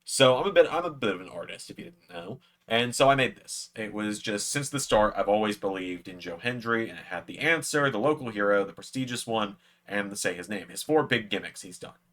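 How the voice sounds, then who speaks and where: A man chatting casually to camera, telling a personal story in an excitable way with plenty of fillers. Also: on the low side, a little fast, few pauses. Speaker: YouTube creator.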